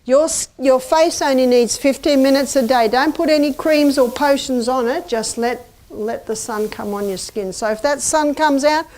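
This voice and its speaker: A woman's voice: high-pitched, darkish tone. A middle-aged woman giving a chatty, anecdotal health lecture to a live audience and asking them questions. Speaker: health presenter.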